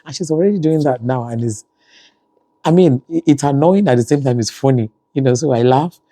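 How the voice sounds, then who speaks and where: Speaking briskly in a warm, medium-pitched voice, this man with a Nigerian accent talks casually for his family vlog. "You know" comes up again and again as filler, and the recording has no room sound.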